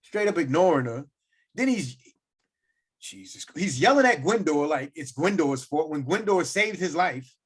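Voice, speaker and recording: A man's voice: a little high, expressive, moderate pace, slightly rough. A man co-hosting a podcast, ranting in casual slang and acting out quoted lines. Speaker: podcast co-host. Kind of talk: casual chat.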